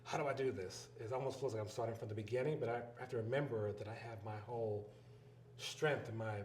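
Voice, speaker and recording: A man with a Philadelphia accent tells his stories in a lively interview, slipping into quick voices for the people he quotes. His voice sits at an ordinary pitch. The recording is roomy, with a faint murmur behind him. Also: slight background noise. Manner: animated storyteller, acts out quoted voices. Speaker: filmmaker and educator, guest. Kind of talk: storytelling interview talk. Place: live event venue. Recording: roomy live event recording.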